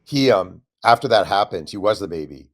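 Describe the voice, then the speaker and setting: A man with a lowish voice tells a long story as an author guest on an interview show. He is animated and drops into the voices of the people he quotes. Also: brisk.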